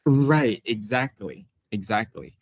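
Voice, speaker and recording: Hesitant low-voiced man, dry dull sound. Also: sing-song, slow, no room sound. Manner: hesitant, many restarts, laughs often. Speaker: occupational therapist guest. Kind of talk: casual interview conversation.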